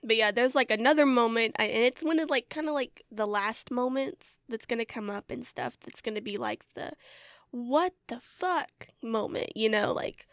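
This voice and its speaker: Young woman co-host, slightly high, dry. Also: moderate pace, creaky, few pauses, no room sound. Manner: relaxed, agreeable, lots of "like" and "you know". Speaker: podcast co-host. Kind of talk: casual chat recapping an anime.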